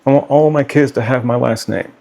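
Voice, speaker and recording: A man's voice: mid-range voice, brisk, vocal fry, a little mellow. A middle-aged father speaking straight to camera to his children, earnest and pleading, often checking in with "okay?". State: getting hot and worked up. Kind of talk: direct-to-camera personal vlog.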